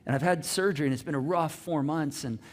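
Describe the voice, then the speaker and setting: High-voiced man preaching in stories. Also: quick pace. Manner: storytelling with many restarts and quoted dialogue. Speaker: pastor. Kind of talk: sermon.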